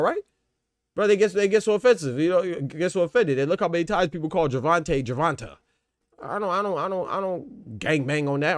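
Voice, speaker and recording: A man's voice: medium pitch, animated, quick pace, no echo, clean studio sound. A man hosting a casual boxing podcast, stuffed up and congested, rambling and repeating himself as he talks to his audience. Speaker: podcast host.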